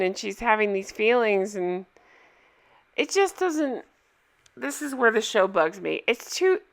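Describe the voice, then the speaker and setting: Casual female vlogger, bright and forward tone, talky recap delivery. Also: on the high side, gravelly. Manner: chatty, rambling, self-correcting, quoting characters in little voices. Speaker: TV show reviewer.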